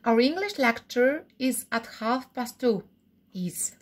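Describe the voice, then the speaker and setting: A woman walks through English grammar, her fairly high voice rising and falling in a lively way. She explains slowly and repeats each example, often checking in with an "okay?". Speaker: English teacher. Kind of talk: recorded grammar lesson.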